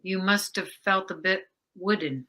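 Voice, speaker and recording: A woman interviewing a guest in a conversational way, sympathetic and quick to laugh. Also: medium pitch, a crowd in the background.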